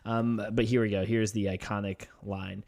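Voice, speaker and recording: A man's voice: fairly low pitch, level tone, normal speed, vocal fry, darkish tone. A man co-hosting a podcast, steering a book discussion in a rambling, laughing way. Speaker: podcast co-host.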